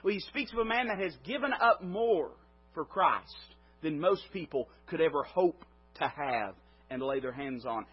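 A man preaching with a fairly high, husky voice. He presses hard on his points, rising loud and then falling quiet. The recording is dull and lo-fi. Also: animated, normal speed. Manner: emphatic, swelling and dropping in volume. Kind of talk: sermon.

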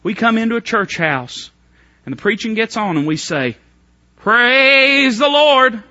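Delivering a sermon in fervent, stop-start bursts, a male pastor uses a high, sharp voice with a husky edge, lively intonation and a moderate pace. He moves from quiet, low stretches to loud ones, on a dull, lo-fi recording that is dry with no room sound.

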